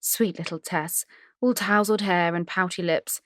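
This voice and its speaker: A woman's voice: on the low side, fairly even intonation, measured pace, fairly bright tone, no echo, clean studio sound. A woman reading a novel aloud in wry, conversational narration. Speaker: audiobook narrator. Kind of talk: scripted narration.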